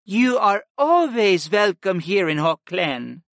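A man voices a gentle middle-aged chief's wife, speaking slowly and softly in a raised, lilting voice. Her formal speech welcomes everyone like family, and the reading is dry and close. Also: sits high, sing-song, dry recording, pitched above the performer's own voice, exaggerated voice. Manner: slow, soft, formal and welcoming.

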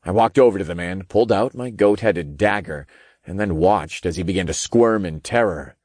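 A man narrating an audiobook in the first person, with lively, expressive storytelling. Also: lowish voice, moderate pace, no echo, studio quality.

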